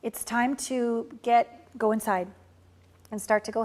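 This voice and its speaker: A woman coach teaching a course lesson, blunt and casual, swinging between emphatic loud pushes and soft, tender passages. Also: on the high side, fairly even intonation, unhurried. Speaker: relationship and manifestation coach.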